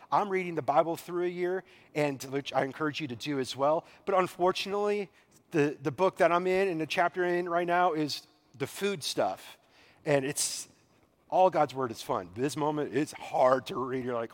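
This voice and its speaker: A middle-aged man preaching a sermon as pastor, animated and often acting out the voices he quotes. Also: fairly high pitch, in a large hall.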